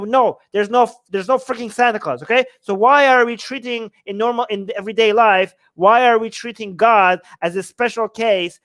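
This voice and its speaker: A man hosting a livestream, talking in a casual, animated, rambling way, swearing freely and firing off rhetorical questions. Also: high voice. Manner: heavy use of rhetorical questions. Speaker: livestream host.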